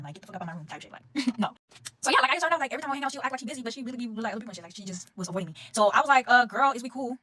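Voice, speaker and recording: Young woman, rapid-fire casual storyteller, swears a lot and vents. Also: medium pitch, a bit bright. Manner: rapid, profane, exasperated storytelling.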